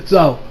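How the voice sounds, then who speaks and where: A young man casually reviewing an anime episode, excitable and profane, rambling with many restarts and acting out scenes. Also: sits high, slight background noise.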